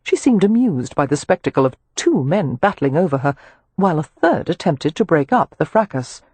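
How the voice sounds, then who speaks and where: An audiobook narrator reading a historical romance with expressive, animated storytelling. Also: mid-range voice, moderate pace, breathy edge, no room sound.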